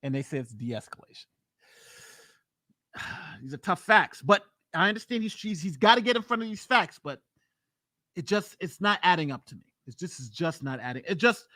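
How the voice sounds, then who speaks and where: A man, a lawyer, giving blunt, emphatic reaction commentary and thinking out loud about a trial. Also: high-pitched, big pitch swings, moderate pace, dry recording.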